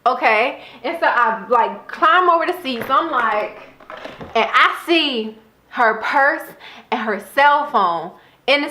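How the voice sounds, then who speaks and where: A young woman telling a casual storytime vlog, animated and often breaking into laughter as she talks. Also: on the high side, reverberant. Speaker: vlogger.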